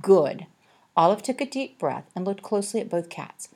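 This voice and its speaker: A woman narrating an audiobook in a measured, expressive way. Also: mid-range voice, slightly rough. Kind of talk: scripted narration.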